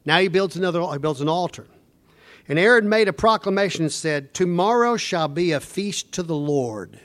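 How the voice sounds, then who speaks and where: Male preacher, high-pitched, storytelling sermon, repetitive and dramatic, softens to near whisper on scripture. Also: animated, normal speed.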